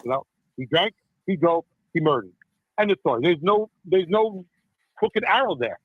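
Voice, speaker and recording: A man's voice: a little high, animated, normal speed, husky, no room sound. A middle-aged man calling in, upset and impassioned, who keeps repeating "listen" and "okay". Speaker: caller. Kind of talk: emotional call-in talk. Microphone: phone. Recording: tinny phone line.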